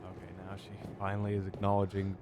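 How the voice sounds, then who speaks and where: A young man commenting on his own gameplay in a rambling, self-mocking way, full of swearing. His voice sits fairly low, with clear noise in the background of the recording. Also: monotone, fast talker. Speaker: gaming YouTuber. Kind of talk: casual let's play commentary.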